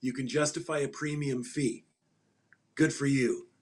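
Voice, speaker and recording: This middle-aged financial advisor, a guest on a podcast interview, has a medium-pitched, slightly rough voice with fairly even intonation and a measured pace. Even so, his storytelling is animated: he stresses details, repeats his punchlines, and laughs at his own jokes.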